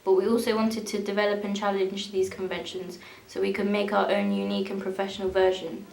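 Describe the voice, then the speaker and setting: Flat-voiced girl reading a school evaluation, echoey room. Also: mid-range voice, brisk, gravelly. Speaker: student presenter.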